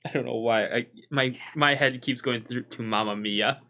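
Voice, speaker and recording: A man's voice: medium pitch, steady tone, normal speed, hardly any pauses, pushed and bright. A man co-hosting a podcast, joking and reacting in casual banter. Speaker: podcast co-host.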